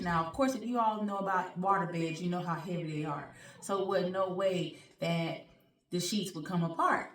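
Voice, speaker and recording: A woman hosting her own show, telling a personal story in an animated, colloquial way and speaking straight to her audience. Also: lowish voice, moderate pace. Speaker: show host. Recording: roomy sound, distant from mic.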